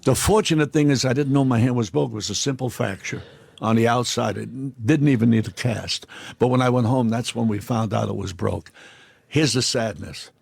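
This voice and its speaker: A man, a guest in an interview, telling profane anecdotes in a blunt, animated way and acting out the dialogue. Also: mid-range voice, normal speed, creaky, breathy edge, no room sound.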